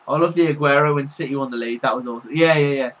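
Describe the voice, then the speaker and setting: A young man with a Birmingham accent giving excitable, casual commentary on his football game, shouting and laughing when goals go in. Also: medium pitch, rapid-fire, muffled recording. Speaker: gaming YouTuber.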